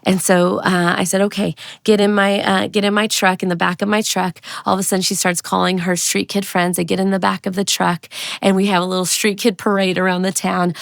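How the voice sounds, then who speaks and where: Middle-aged woman, missionary testimony, heavy vocal fry, flat delivery, dry close sound. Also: fairly low pitch, no room sound. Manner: earnest, acts out quoted dialogue. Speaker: missionary telling her testimony. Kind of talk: personal testimony storytelling.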